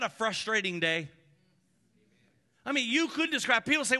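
A man preaching a sermon from the pulpit as a pastor, with emphatic repeated lists that swing between loud peaks and hushed drops. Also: very high-pitched, big pitch swings, normal speed, pauses often.

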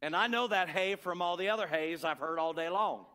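Middle-aged man, pastor, slightly raised pitch, emphatic sermon with hushed drops. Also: a little fast. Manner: emphatic preaching with repeated refrains, dropping to soft, quiet endings.

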